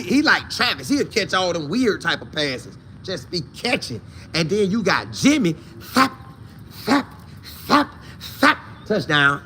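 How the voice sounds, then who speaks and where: A man hosting a casual football talk show, animated and slangy, talking straight to his viewers. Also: high voice, a little hiss or hum. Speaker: sports show host.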